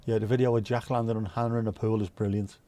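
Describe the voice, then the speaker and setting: A man's voice: on the low side, level tone, fast, mellow. A man hosting a casual livestream, chatting loosely, swearing and rambling as he reads viewer comments. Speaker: livestream host.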